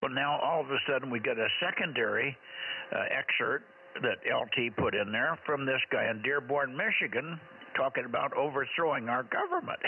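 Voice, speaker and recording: A man running a ham radio net, chatting casually and rambling with many fillers. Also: mid-range voice. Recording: tinny radio with hiss.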